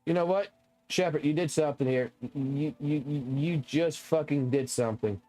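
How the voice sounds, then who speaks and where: A young man from Louisiana with a Southern accent, ranting loudly and profanely while chatting on a live stream. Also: on the high side, normal speed, faint music behind. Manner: loud, profane, energetic ranting. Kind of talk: casual ranting stream chat.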